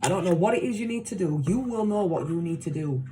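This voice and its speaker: A woman's voice: on the low side, animated, quick pace, dark tone, slight background noise. A woman giving a casual tarot reading to her viewers, talking emphatically and bluntly, swearing, repeating herself and caring. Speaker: tarot reader.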